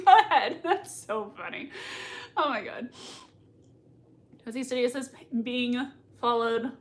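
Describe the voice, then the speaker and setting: Giggly, excitable high-voiced woman. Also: slow pace, slight background noise. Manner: gushing and excitable, frequent laughter. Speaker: livestream host reacting to a TV episode. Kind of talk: casual live reaction chat reading viewer comments.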